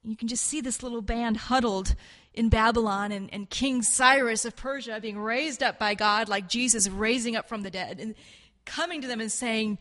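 A woman's voice: fairly high pitch, fairly bright tone. Earnest woman teaching in a reverberant hall. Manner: earnest, halting, acts out voices of biblical figures. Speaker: Bible teacher. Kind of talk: informal sermon teaching.

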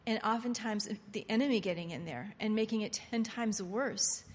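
Animated woman preacher in an echoing hall. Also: medium pitch, moderate pace. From Pennsylvania. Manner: animated, swinging from hushed to loud exclamations. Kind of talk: sermon. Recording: long hall reverb.

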